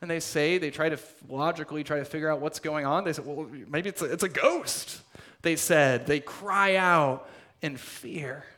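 A man preaching a sermon, retelling a scripture story with dramatic swings between loud emphasis and hushed, almost whispered lines. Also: fairly high pitch, normal speed. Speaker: pastor.

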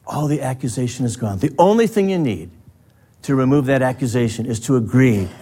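A man's voice: mid-range voice, animated, brisk, dark tone, slightly rough. A man preaching a sermon as pastor, in a conversational way, acting out short bits of dialogue. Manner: conversational, acts out little dialogues.

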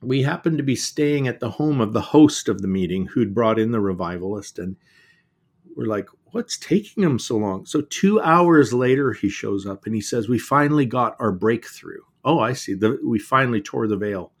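A middle-aged man, an author and guest in a reflective conversation, speaking earnestly and often halting and repeating words. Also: on the low side, animated.

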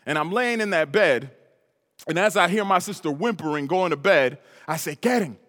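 A man's voice: a little high, moderate pace, a bit bright. Man preaching a story-driven sermon in a big hall. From New York. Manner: storytelling, repetitive emphatic phrases. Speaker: pastor. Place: church hall. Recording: reverberant hall.

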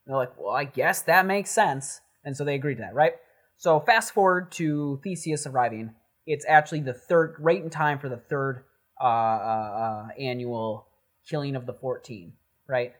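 A man hosting a podcast, retelling a Greek myth in casual, rambling talk, full of swearing and quick acted-out asides. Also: medium pitch. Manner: rambling, profane, acts out characters in quick asides. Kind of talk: casual storytelling with friends.

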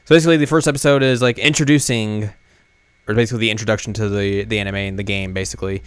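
Rambling man, low smooth voice. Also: fairly even intonation, rapid-fire, no room sound. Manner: rambling, filler-heavy, self-correcting. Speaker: anime reviewer. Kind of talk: casual spoken review.

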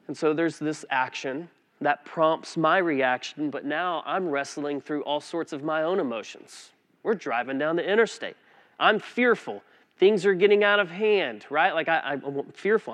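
Preaching as pastor, a man animatedly and conversationally shares something from his own life, repeatedly restarting as he goes. His voice runs on the high side, at a normal speed.

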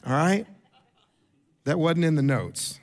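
An expressive middle-aged pastor delivers his sermon like a conversation, with repeated words and quick side comments to the congregation. He drives points home by getting higher and louder.

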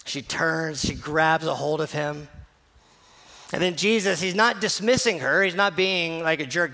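A male pastor tells a scripture story in a casual, heartfelt sermon. His voice sits a bit high and has a noticeable gravelly fry. He often drops to a near hush for emphasis. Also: lively intonation, normal speed. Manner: conversational, earnest storytelling, drops to a soft hush at key moments.

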